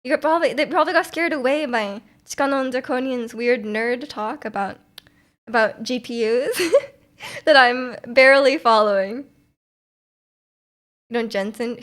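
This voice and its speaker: A woman's voice: high voice, measured pace, pauses often, fairly bright tone. A young woman streamer chatting casually with her viewers, rambling with lots of "like"s and restarts and laughing often. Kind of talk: casual chat reading chat messages.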